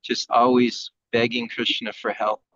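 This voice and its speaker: A man's voice: medium pitch, little pitch movement, unhurried, dull audio, background noise. A man making an earnest closing remark in a casual class discussion. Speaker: class participant.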